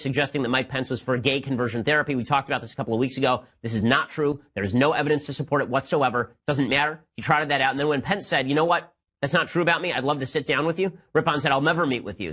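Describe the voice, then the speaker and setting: Rapid-fire sarcastic male commentator. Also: mid-range voice, a bit bright. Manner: rapid, sarcastic, mocking asides. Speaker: political commentary show host. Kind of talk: combative scripted political commentary.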